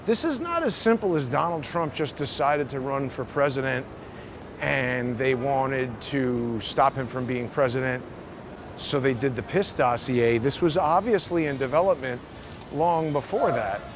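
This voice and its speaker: A man hosts a vlog while walking outdoors along a city street, musing casually in a monologue with restarts. His medium-pitched voice moves a little slowly, and loud street traffic noise fills the recording.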